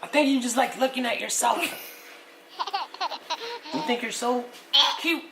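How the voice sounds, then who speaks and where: A woman voicing a cheeky, teasing pig puppet in a kids' puppet show, joking slowly. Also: a little high, natural voice. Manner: teasing, jokey, slow drawl. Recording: echoey room with loud noise.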